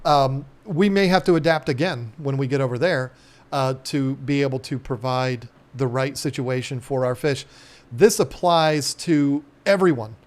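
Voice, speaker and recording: A man's voice: mid-range voice, unhurried. A man hosting a casual live stream, rambling in a folksy way with plenty of ums. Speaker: aquarium channel host.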